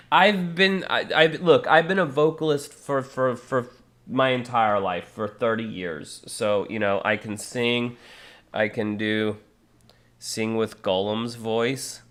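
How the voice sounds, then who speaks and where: A man in his thirties talks slowly and loosely on a live stream, full of fillers and restarts. His pitch sits in the middle for a man, and now and then he breaks into bursts of harsh vocal demonstrations. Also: fairly even intonation, fairly bright tone. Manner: rambling, many fillers and restarts. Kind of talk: casual live-stream chat.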